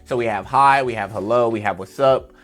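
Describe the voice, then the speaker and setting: A man's voice: mid-range voice, fairly quick, fairly bright tone, soft background music. A man teaching a beginner programming lesson over his screen, explaining in a loose, chatty way with fillers and playful asides. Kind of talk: casual screen-share coding tutorial.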